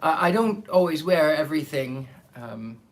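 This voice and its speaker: A man's voice: fairly high pitch, animated, moderate pace, slight background noise. A man hosting a live online reading show, chatting theatrically with viewers and greeting them by name before reading a book aloud. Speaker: host of a live storytelling stream. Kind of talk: casual chat and reading aloud.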